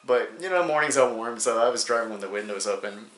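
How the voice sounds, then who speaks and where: A young man telling a comedic high school story in a rambling way, with many fillers and laughs between phrases. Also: fast talker, a bit bright, a little hiss or hum. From New Hampshire, USA. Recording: roomy echo.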